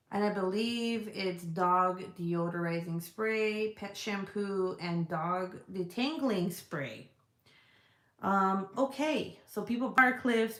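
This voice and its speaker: A woman's voice: mid-range voice, fairly bright tone, slight background noise. A woman chatting casually to her viewers about products she sells, swearing freely, rambling and laughing as she goes. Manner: profane, rambling and laughing, talks straight to viewers. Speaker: online seller of home fragrance products. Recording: roomy echoey room sound.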